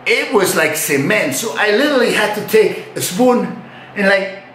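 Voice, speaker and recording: An older man spins a yarn, his pitch leaping up and down as he acts out his own reactions. He sits on the high side for a man and swears freely. The room gives his voice a noticeable echo. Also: expressive, normal speed, a bit bright, a little hiss or hum. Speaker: retired bodybuilder. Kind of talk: casual storytelling. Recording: roomy echo.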